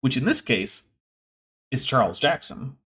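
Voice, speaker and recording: A man hosts a live stream in a loose, chatty way, dropping fillers and picking apart what he hears with sardonic remarks. His voice sits at an ordinary middle pitch. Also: big pitch swings, a little slow, fairly bright tone, breathy edge. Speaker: streamer and host. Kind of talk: casual live-stream commentary.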